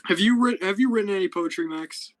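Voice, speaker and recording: A man's voice: high voice, a little fast, rough recording. Young guy rambling thru an explanation, lots of ums and likes, casual stream chat. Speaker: podcast host.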